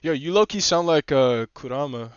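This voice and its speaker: A young man chats with his teammates while streaming a game, excitable and quick to swear and laugh. His pitch sits a little high and swings widely as he reacts. The mic sounds dry and a touch muffled. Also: smooth, no echo. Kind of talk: casual gaming chat with teammates.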